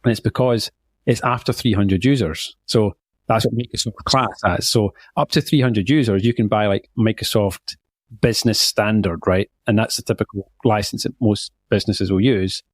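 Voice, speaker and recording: Speaking at a moderate pace in a lowish voice, this podcast host casually works through his thoughts out loud, leaning heavily on filler words. The recording is dry.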